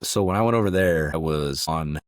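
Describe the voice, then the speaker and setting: A man's voice: rumbling low, fairly quick, no room sound, studio quality. A man from Southern California, a former security contractor, telling stories as a guest in a casual interview, loose and conversational with frequent restarts.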